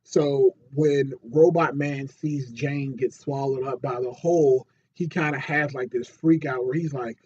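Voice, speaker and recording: A husky-voiced man talks through a TV episode in a loose, rambling way, full of fillers and false starts. He is recorded on a slightly dull, lo-fi mic. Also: medium pitch, a little slow, hardly any pauses. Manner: rambling, many fillers and restarts, gets excited and loud retelling scenes. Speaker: TV show reviewer. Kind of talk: casual spoken episode review.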